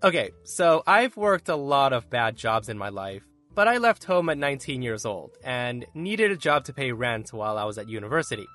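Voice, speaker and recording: A man hosting a podcast, reading stories aloud in an animated storytelling way. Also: normal speed, few pauses, soft background music. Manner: animated storytelling with lively pitch.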